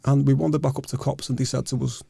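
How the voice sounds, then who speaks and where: A man guest on a podcast, telling a personal story in a halting, earnest way, often repeating words before he finds them. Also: medium pitch, level tone, vocal fry, dark tone, breathy edge. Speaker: guest, author. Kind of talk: casual storytelling interview. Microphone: podcast microphone.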